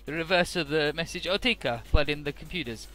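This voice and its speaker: Bright-voiced man recapping a game. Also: on the high side, faint music behind. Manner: rambling recap with filler words and quick voices. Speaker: let's play narrator. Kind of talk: casual game commentary.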